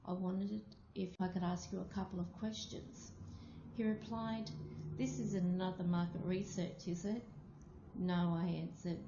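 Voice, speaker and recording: A woman from Australia telling a personal story aloud, slow and deliberate. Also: lowish voice, steady tone, noisy background. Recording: muffled, echoey room.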